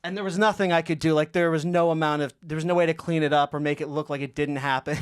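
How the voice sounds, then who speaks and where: A man with a somewhat high voice tells a story from his past in a casual podcast chat. He sounds sheepish and laughs between lines. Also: steady tone, fast talker, clear, resonant tone. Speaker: guest telling a story.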